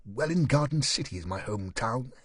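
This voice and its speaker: A man's voice: medium pitch, expressive, brisk, breathy edge, no echo, studio quality. A male narrator voicing an irritable gym-owning husband who answers in a curt, growling way. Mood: defensive.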